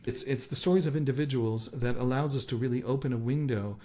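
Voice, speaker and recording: A middle-aged man talks through a long answer on his podcast, thinking aloud and circling back to his points. His voice sits at an ordinary pitch for a man. He drops in the occasional wry aside. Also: fast, a little mellow. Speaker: podcast host answering questions. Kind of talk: conversational explanation.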